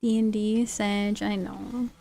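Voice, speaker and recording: A woman's voice: medium pitch, little pitch movement, slow, gravelly, mellow. A woman from California streaming, chatting casually with her viewers and laughing often. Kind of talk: casual livestream chat, reading chat aloud.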